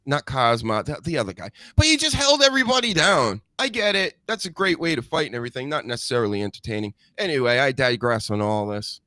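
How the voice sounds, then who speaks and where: A man's voice: mid-range voice, very animated, fast talker, few pauses, bright, forceful tone, dry recording, clean studio sound. A man hosting a live-stream podcast, commenting bluntly and profanely in a rambling casual way. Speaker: podcast host.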